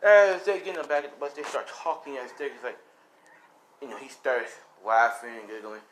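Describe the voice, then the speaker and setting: A man's voice: medium pitch, brisk, a little hiss or hum, low-quality recording. A man casually narrating an improvised fan story in a loose, rambling way with swearing.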